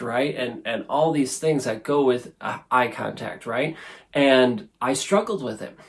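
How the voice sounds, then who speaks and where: A man in his thirties hosts a casual self-help talk to a camera facing him, earnest and conversational, often ending sentences with "right?". His voice is mid-range and his pace moderate.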